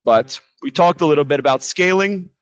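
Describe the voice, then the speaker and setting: A man teaching a casual English lesson, explaining with jokes and lively asides. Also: fairly high pitch, brisk, clear, resonant tone, dry recording, highs cut off. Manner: lively, joking, animated explanations.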